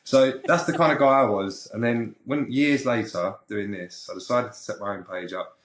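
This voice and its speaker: A British man, a podcast guest, telling a frank anecdote in a casual, animated way. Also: fairly low pitch, normal speed, echoey room. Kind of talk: casual storytelling.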